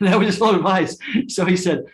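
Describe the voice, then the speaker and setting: A man giving a spiritual satsang talk, telling personal stories with soft laughs and frequent restarts. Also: high-pitched, quick pace. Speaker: spiritual teacher.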